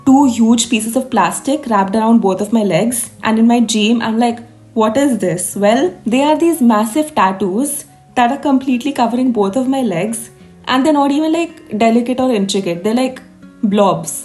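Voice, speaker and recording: Sing-song young woman vlogger, mellow voice. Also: a little high, moderate pace, soft background music. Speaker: food vlogger. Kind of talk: casual voice-over narration.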